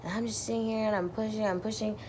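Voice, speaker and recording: A woman's voice: medium pitch, steady tone, fast talker, darkish tone, a little hiss or hum. A young woman vlogger telling a personal story in a casual, chatty way, full of "like" and acted-out quotes. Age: young adult. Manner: chatty, lots of "like", acts out quotes.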